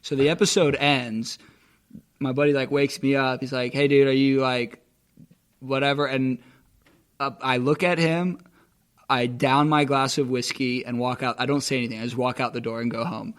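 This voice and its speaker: A man's voice: medium pitch, steady tone, moderate pace, fairly bright tone. A man, a guest on a podcast, telling rambling stories in casual chat with many fillers. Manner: rambling storyteller, many likes. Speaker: guest musician.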